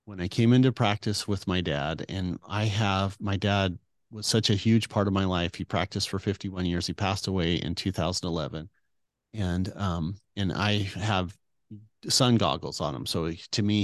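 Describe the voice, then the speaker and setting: A man's voice: low-pitched, no room sound, studio quality. A middle-aged man answering interview questions as a guest doctor, earnest and rambling with many fillers.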